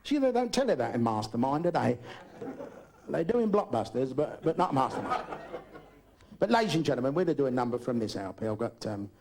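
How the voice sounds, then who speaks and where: A man's voice: medium pitch, very animated, fairly quick, a little mellow. An older man from Britain doing a crude, rambling live stand-up routine, swearing constantly. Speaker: stand-up comedian. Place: live comedy club. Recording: noisy live recording.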